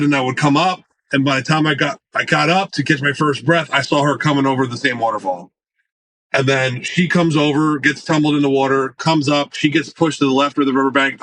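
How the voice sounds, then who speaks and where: A man telling stories in a casual interview, animated, acting out the voices of people he quotes. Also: mid-range voice, slight background noise, poor audio. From United States. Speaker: marketing executive guest.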